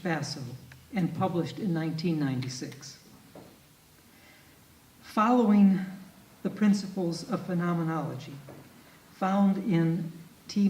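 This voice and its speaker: A man reading a lecture paper aloud and reciting poetry, in a measured, deliberate way that leans on key words. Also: high voice, a little mellow, slight background noise. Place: festival talk in a club meeting hall. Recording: echoey room from a distant mic.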